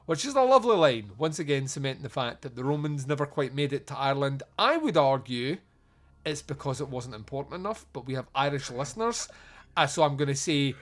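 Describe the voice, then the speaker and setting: A man's voice: mid-range voice, very animated, a little fast, fairly bright tone. A man hosting a podcast, chatting casually about a film, rambling and joking with lots of fillers. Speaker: podcast host. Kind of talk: casual film review chat.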